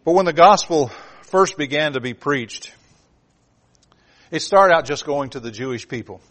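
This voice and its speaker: A man's voice: on the high side, animated, normal speed, a bit bright. A man preaching a sermon, driving home points with repetition and sudden swells of emphasis.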